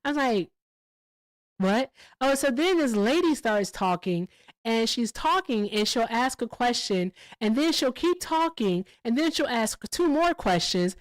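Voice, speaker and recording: A woman hosting a casual livestream, telling stories in a profane, animated way with sudden jumps in pitch. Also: unhurried, no room sound, rough recording. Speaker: livestream host.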